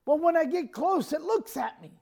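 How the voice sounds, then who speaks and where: A woman's voice: lively intonation, normal speed, creaky, warm tone. A man preacher voicing his sister-in-law, a panicky woman frightened of a snake in her yard. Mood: fretful. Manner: shrill, pleading.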